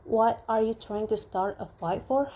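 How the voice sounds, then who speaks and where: A woman voicing a young husband who tries to calm his new wife, speaking hesitantly and soothingly. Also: on the high side, measured pace. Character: young husband, placating and a bit awkward.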